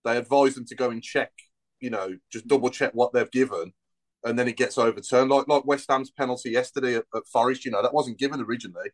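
A man's voice: medium pitch, quick pace. A man, chatting about football as a podcast co-host, rambling with lots of fillers. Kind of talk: casual football chat.

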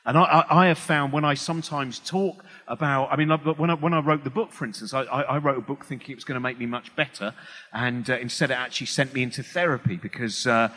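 Bright, slightly high-pitched English comedian, rambling and self-deprecating, in a reverberant hall. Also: male voice, fast talker. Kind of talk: stand-up style talk to a live audience. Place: hall with live audience.

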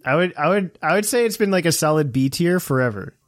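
A man hosting a casual gaming podcast, relaxed and chuckling often. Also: on the high side, fast, dry recording, studio quality. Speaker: podcast host.

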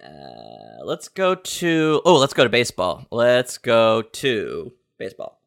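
A man's voice: medium pitch, very animated, slow pace, creaky, no echo, studio quality. A man hosting a comedic sports-headline podcast, rambling and playfully clueless, with lots of fillers and restarts. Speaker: podcast host.

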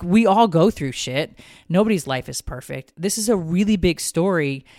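A woman's voice: deep voice, darkish tone, no room sound, clean studio sound. A woman co-hosting a podcast in casual chat, rambling and emotional, swearing freely. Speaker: podcast co-host.

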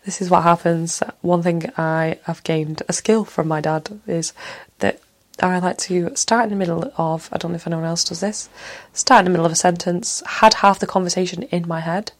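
A woman in her thirties from Manchester with a Mancunian accent, hosting a casual solo podcast in a frank, rambling way that drifts from story to story. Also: fairly low pitch. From Manchester, England. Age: 30s. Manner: outspoken, frank and swears casually. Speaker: podcast host.

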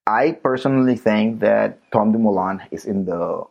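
Husky guy hosting a podcast, jokey and animated, swears a bit. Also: fairly low pitch, normal speed, muffled recording. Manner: joking, animated, swears casually. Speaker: podcast host. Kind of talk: casual chat.

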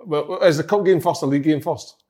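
A man's voice: a little high, fast, darkish tone. A Scottish man, a former player, analysing football tactics in casual chat, often hedging with "I think". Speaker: podcast co-host, former player.

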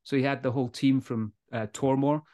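A Scottish man hosting a whisky podcast in easy, energetic chat, laughing often and swearing now and then. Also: mid-range voice, a little fast. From Scotland. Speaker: podcast host. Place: Speyside, Scotland.

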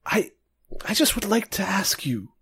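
A soft-spoken old grandfather figure, voiced by a man running the game, friendly on the surface but sharp underneath. He talks gently, with a sad edge, in a voice pitched up from the narrator's own. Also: sing-song, moderate pace, vocal fry, husky, full character voice. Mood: curious, earnest.

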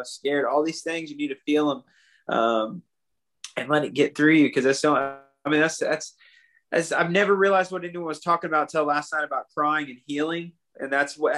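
A man's voice: medium pitch, a bit bright. A man in his thirties, speaking heartfelt and confessionally in a casual podcast conversation, often adding "man" and "you know.". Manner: heartfelt and confessional, with many restarts.

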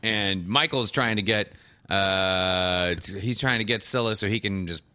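A man's voice: on the low side, unhurried, bright, forceful tone, clear, resonant tone, no echo. A man casually recapping a TV show on a podcast, rambling, swearing and laughing often. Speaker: podcast co-host.

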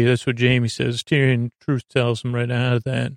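A man with a gravelly, creaky voice and a flat, even delivery talks through a casual podcast recap. He rambles, restarts and jokes as he goes. The sound is dry and close, with almost no room around it. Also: medium pitch, moderate pace, few pauses, dry recording. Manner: rambling, self-interrupting, jokey, thinks aloud while checking the show. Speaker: podcast host recapping a TV episode.

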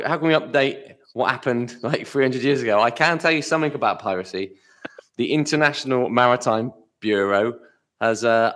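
A man with a mid-range voice co-hosting a podcast in casual chat. He rambles through his points, and his phrases often trail off quietly at the end. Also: medium pitch. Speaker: podcast co-host.

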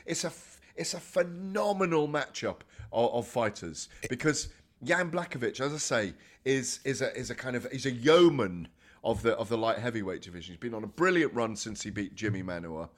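Guy co-hosting a fight chat show, lively storyteller, normal pitch. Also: fairly quick. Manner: animated, storytelling, emphatic. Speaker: sports radio co-host. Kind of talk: casual sports chat.

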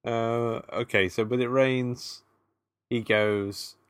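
A man's voice: medium pitch, fairly even intonation, takes it slowly, a bit bright, smooth, no room sound, studio quality. A man co-hosting a podcast, recapping a film plot casually with hesitations. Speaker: podcast co-host. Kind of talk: casual film review chat.

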